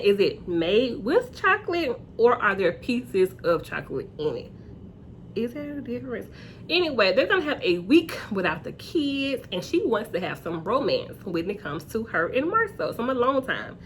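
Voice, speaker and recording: A woman hosting a casual reality TV recap, chatty and acting out quotes in high voices. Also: slight background noise.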